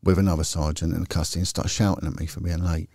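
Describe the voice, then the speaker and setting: A man's voice: low voice, flat delivery, very fast, vocal fry, a little mellow, no echo, studio quality. A middle-aged man, a podcast guest and former police detective, telling rambling, candid stories in casual chat. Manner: candid, rambling, chatty with frequent restarts. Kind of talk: casual anecdotal storytelling.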